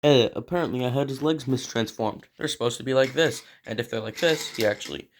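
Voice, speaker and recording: A man casually reviewing an action figure, rambling and thinking aloud as he handles it, often clearing his throat. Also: mid-range voice, brisk, slight background noise. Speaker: toy reviewer. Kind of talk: casual toy review vlog.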